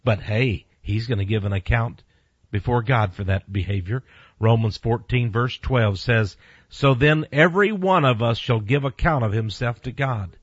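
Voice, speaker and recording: A man preaching a sermon, emphatic with big swings in pitch and loudness. He speaks to his listeners directly and bluntly, and reads scripture slowly and deliberately. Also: slightly rough, no echo. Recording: dull lo-fi recording.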